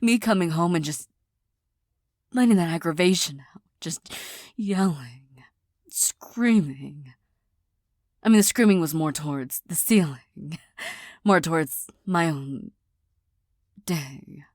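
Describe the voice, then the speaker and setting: Soft, halting woman in whispered role-play. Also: sits low, dry recording, clean studio sound. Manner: soft, halting, apologetic, many restarts. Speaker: girlfriend in audio role-play.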